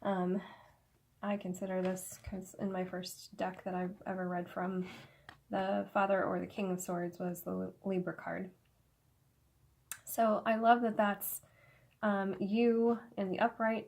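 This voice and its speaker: Slightly hoarse woman reading tarot. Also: lowish voice. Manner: halting, many fillers, soft laughs. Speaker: tarot reader. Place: indoor room with incense smoke.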